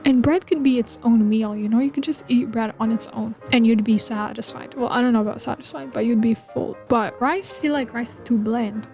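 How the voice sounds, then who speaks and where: Woman vlogger, casual, rambling, mellow tone, slightly high. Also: fairly quick, hardly any pauses. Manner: rambling, playful, lots of "like" and "you know". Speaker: video game builder vlogger. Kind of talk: casual chat over gameplay. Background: faint background music.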